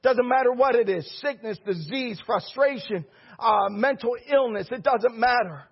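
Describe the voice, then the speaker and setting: A high-pitched, husky middle-aged man preaching a sermon. He drives his points with call-and-response and rising shouts. The recording is dull and lo-fi. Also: normal speed. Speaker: pastor.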